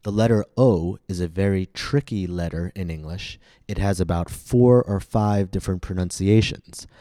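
A low, mellow American male voice delivers a scripted pronunciation lesson. He enunciates each word slowly and carefully, leaving pauses for repetition. The sound is dry and close to the mic. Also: no room sound. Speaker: pronunciation teacher.

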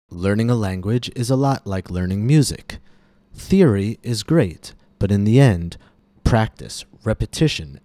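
A man with a deep, mellow voice leads a scripted pronunciation lesson. He speaks slowly and enunciates each word with care. The recording is dry, with no room sound. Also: no room sound. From United States. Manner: slow, deliberate, clearly enunciated drills. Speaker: pronunciation teacher and podcast host.

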